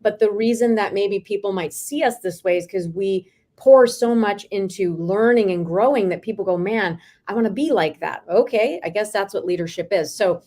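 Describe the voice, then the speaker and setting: A woman in her forties, a real estate team leader, telling lively stories as an interview guest. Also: mid-range voice, moderate pace, hardly any pauses. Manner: lively, animated anecdotes. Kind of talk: storytelling in a video interview.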